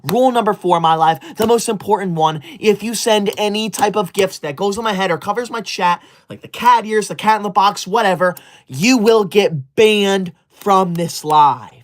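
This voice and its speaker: Pitched high but natural-sounding, this man speaks at a normal pace with few pauses. He's parodying a young male streamer who is prickly and fixated on rules, scolding in a prim, stiffly formal manner.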